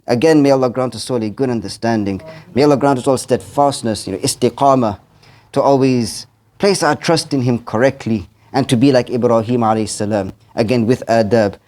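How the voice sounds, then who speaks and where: A man's voice: mid-range voice, brisk, darkish tone. A man, an imam, giving a sermon in the manner of an earnest storyteller, quoting Arabic verses and translating each one.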